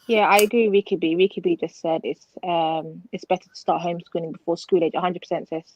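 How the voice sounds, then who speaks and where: A woman's voice: lowish voice, fairly even intonation, fast talker, slight background noise. A woman who teaches, chatting on a live stream and giving emphatic advice. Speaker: teacher, co-host. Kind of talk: casual chat. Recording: dull lo-fi sound.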